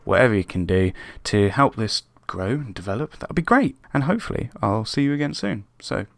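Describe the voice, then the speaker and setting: A man hosting his own gaming channel, commentating a football management game casually, excitable and prone to yelling at his players. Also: lowish voice, fairly quick, creaky, no room sound, clean studio sound. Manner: excitable, shouting at players, swings between frustration and resignation. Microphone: webcam microphone.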